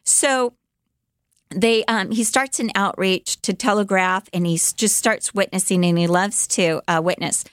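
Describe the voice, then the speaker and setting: A woman co-hosting a podcast, telling a life story in an animated way, with many fillers, and acting out the quotes. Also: medium pitch, a little slow, dry recording, clean studio sound. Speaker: podcast co-host telling a biography. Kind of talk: casual storytelling chat.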